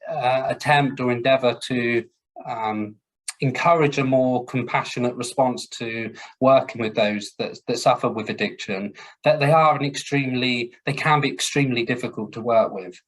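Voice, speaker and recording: Husky-voiced man speaking thoughtfully. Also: medium pitch, poor audio. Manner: measured, thoughtful, pauses on "uh" and "um". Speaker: social worker, webinar guest. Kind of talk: reflective webinar discussion.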